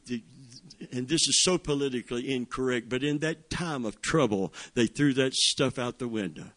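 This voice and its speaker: A middle-aged man preaching a sermon, reading scripture with drawn-out emphasis and rising fervor. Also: mid-range voice. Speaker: pastor.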